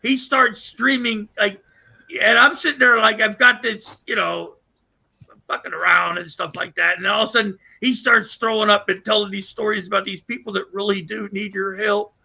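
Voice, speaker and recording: A man's voice: high voice, fairly even intonation, normal speed, gravelly, pushed and bright, husky. A man chatting on a casual livestream, rambling and crude, poking fun at himself. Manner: rambling, crude, self-deprecating. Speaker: livestream guest.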